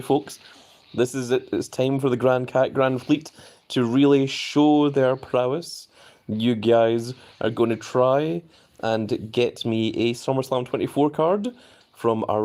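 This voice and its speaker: A man's voice: medium pitch, a little mellow. A man hosting a casual live stream, chatting loosely and reading viewer messages aloud.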